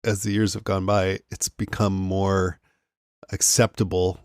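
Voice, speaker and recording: A man's voice: sits low, little pitch movement, a little slow, a little mellow, clean tone, dry recording, studio quality. A man co-hosting a podcast in a casual, laid-back way, laughing easily. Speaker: podcast co-host.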